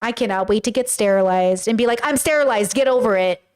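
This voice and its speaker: She has a clear, resonant, medium-pitched voice and talks fast. A young woman on a livestream, she reads viewers' messages and responds bluntly and casually, animated and direct, via a webcam or desk mic.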